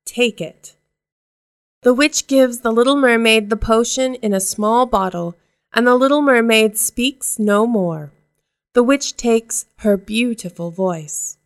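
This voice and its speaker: Slow, clear-voiced woman reading a storybook. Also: on the high side. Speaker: narrator. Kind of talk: storybook read-aloud.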